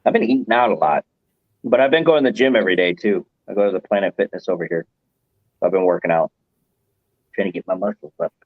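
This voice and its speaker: A man with a fairly low voice hosts a loose livestream chat, rambling from one thing to the next and chuckling along the way. The sound is dry, close and a little muffled, like dull stream audio. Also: fast talker, long pauses, no echo. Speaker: livestream host. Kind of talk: casual chat.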